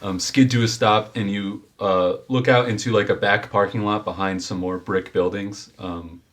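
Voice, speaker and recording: A deep-voiced man narrating a tabletop game as its game master. He speaks in a laid-back, rambling way and fills the gaps with plenty of ums and uhs. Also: steady tone, moderate pace, fairly bright tone.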